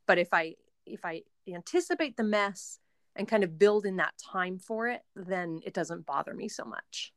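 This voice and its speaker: A woman's voice: mid-range voice, animated, normal speed, fairly bright tone, dry recording. Young woman, mother as interview guest, chatty and rambling, dry close-miked sound. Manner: chatty, rambling, frequent fillers and restarts. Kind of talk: casual interview chat.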